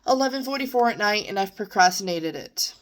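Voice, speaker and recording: A young woman shares a heartfelt personal monologue, her voice at an ordinary middle pitch. She is earnest and emotional, sometimes close to tears, but keeps pressing on with encouragement for herself and her listeners. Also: lively intonation, fairly quick. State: near tears at times. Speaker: vlogger.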